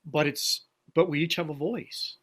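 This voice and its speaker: Earnest, halting man podcast host. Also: on the high side, steady tone, a bit bright. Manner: earnest, halting, repeats words as he searches. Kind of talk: conversational interview.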